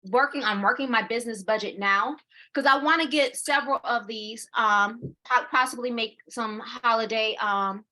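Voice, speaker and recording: Woman in her 40s, bright voice, chatty co-host, laughs a lot, repeats herself. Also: on the high side, moderate pace. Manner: slips into quoting her own inner voice. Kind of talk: casual chat.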